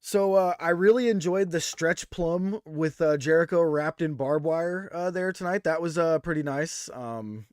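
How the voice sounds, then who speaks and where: Casting note: a man host with a slightly high voice, easygoing and agreeable, a dry close sound. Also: a little slow, few pauses, smooth, no room sound. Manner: relaxed, agreeable, laughs easily. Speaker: podcast host. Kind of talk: casual wrestling review chat.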